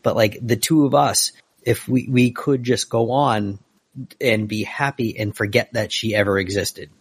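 A man with a low, husky voice talks loosely, doubling back and restarting his sentences. He is dry and close to the mic, with no room sound. It is an easygoing podcast chat. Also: steady tone, unhurried, dry recording. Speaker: podcast co-host.

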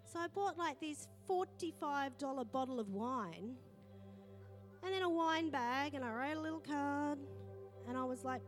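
A middle-aged woman pastor, preaching a sermon in a lively storytelling manner. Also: high-pitched, a little slow, over music. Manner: lively storytelling, acting out quoted voices.

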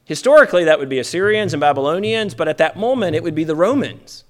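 A man's voice: a little high, fast talker. A man preaching a conversational sermon, often asking "right?" and acting out the crowd's lines. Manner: acts out the crowd's lines in a lively put-on voice.

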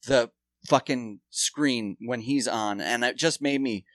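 A man's voice: mid-range voice, slow, fairly bright tone, no echo, studio quality. A man telling rambling, profane stories in a casual chat.

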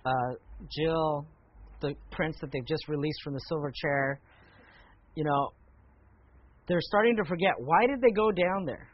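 A man teaching a church class in a conversational, animated way, in a muffled lo-fi recording. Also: fairly high pitch. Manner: conversational, animated when retelling a story.

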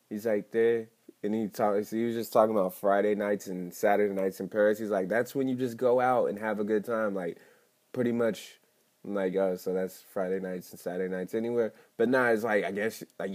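A young man rambling and swearing through a solo podcast episode, cracking crude jokes and breaking into sudden loud outbursts. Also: lowish voice. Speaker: podcast host and stand-up comedian. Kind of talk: casual rambling monologue.

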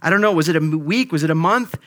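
A man pastor preaches in a relaxed, conversational manner and keeps checking in with his listeners. His voice sits high for a man and sounds bright and forceful. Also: fast. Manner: conversational, with frequent "like" and "right?". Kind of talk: sermon.

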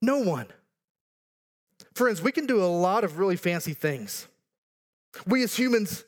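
A man's voice: high voice, expressive, fairly quick, pauses often. A pastor in his thirties or forties preaching a sermon earnestly, building to emphatic repeated lines with joking asides.

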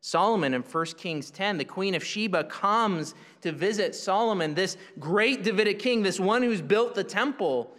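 Guy with a high voice preaching, chatty and explaining stuff, long echo like a church hall. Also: expressive, moderate pace, few pauses, a bit bright. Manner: explanatory, conversational, asks the listeners questions. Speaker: pastor. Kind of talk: sermon.

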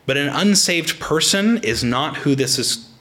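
Young male preacher, lively bright delivery, casual sermon with frequent restarts. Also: a little high, unhurried. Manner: animated, frequent restarts, acts out quotes. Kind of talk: sermon with personal anecdote.

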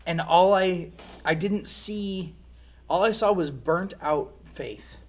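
A man's voice: high-pitched, takes it slowly. A man speaking as an interview guest, giving a candid personal testimony in a reflective, frank way.

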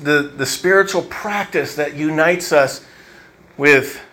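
A male pastor gives a sermon in a church, his voice slightly high for a man and bright, with a forceful edge. He speaks conversationally, reflecting aloud and working through his thoughts with fillers and restarts. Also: slow.

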